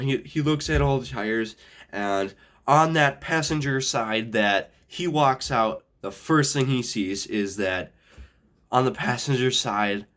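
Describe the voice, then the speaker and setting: A man's voice: mid-range voice, a bit bright. Young guy rambling thru a story, lots of swearing and restarts, normal mid voice. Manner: rambling, swears often, frequent restarts and fillers. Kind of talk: casual anecdote.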